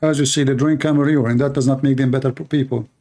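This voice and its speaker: A man's voice: medium pitch, fairly even intonation, fast, dark tone. A man answering viewer questions in a casual monologue, sarcastic and mocking, speaking English with non-native grammar. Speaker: online commentator answering questions.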